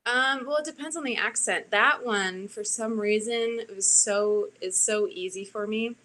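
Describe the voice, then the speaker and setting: A woman who narrates audiobooks, chatting casually about her recording work in a relaxed, talkative way. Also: medium pitch, moderate pace, a little hiss or hum, rough recording. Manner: relaxed, chatty, with restarts and soft laughs. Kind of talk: casual conversation.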